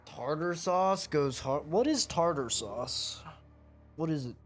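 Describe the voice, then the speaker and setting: Animated, swearing gaming streamer man. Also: a little high, slow. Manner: swears freely, rants animatedly. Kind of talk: casual gameplay commentary.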